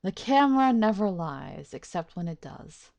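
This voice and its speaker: A woman's voice: medium pitch, sing-song, unhurried, gravelly, darkish tone, dull audio. A woman doing casual let's play commentary, rambling and chatty, laughing at herself as she talks.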